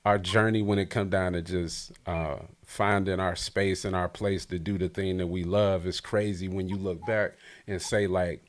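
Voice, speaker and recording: A man from Detroit hosting a casual podcast interview, energetic and joking, often repeating his words. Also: deep voice, normal speed. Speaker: podcast host.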